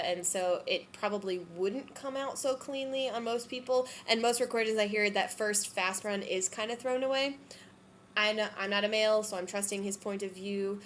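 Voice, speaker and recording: A woman's voice: medium pitch, a bit bright, slight background noise. A woman giving casual commentary on musical theatre recordings, chatty and hedging, with frequent ums and self-corrections. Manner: unsure, hedging her opinions.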